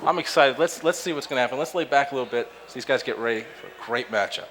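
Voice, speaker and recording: Fast-talking male esports co-commentator. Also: medium pitch, fairly bright tone, slight background noise, poor audio. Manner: jokey, quick banter with co-host. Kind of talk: live game commentary.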